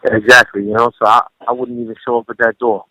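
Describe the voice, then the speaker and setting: A man's voice: mid-range voice, flat delivery, fast talker, sharp tone, dry recording. A man telling rambling, profane stories over a phone call in a casual radio interview, peppering his talk with "you know". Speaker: guest recalling a late friend.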